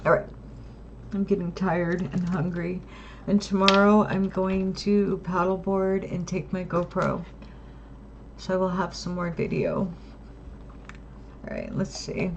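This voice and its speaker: A woman in her sixties talking slowly in a rambling, emotional vlog, often close to tears and laughing softly. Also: on the low side, creaky, highs cut off, slight background noise. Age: 60s. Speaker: vlogger. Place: outdoors by the water.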